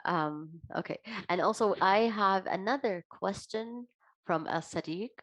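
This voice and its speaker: A woman moderating a Q&A session, reading audience questions aloud briskly with small fillers. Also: medium pitch, no room sound, rough recording.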